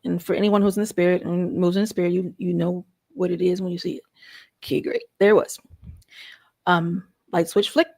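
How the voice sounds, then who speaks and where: A middle-aged woman from the Chicago area, hosting and telling a personal story in a conversational way, jumping from loud exclamations to hushed asides. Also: fairly low pitch, level tone, a little fast, no room sound, studio quality. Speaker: host.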